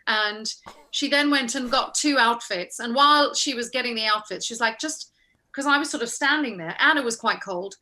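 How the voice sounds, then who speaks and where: A woman actress telling an anecdote in an interview, animated and acting out the people she quotes. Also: a little high, fairly quick, slight background noise.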